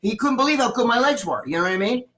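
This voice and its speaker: A man's voice: very high voice, lively intonation, racing, noisy background. A middle-aged man chatting on a live stream, ranting in a heated, rambling way with lots of swearing. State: recovering from surgery. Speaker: guest. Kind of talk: casual live-stream chat.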